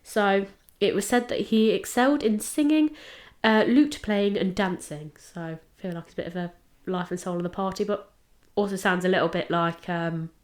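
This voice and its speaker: This podcast co-host, a woman with a medium-pitched, darkish voice, speaks at a normal speed with few pauses. She walks through a history case in a chatty, meandering way, using fillers and checking herself as she goes.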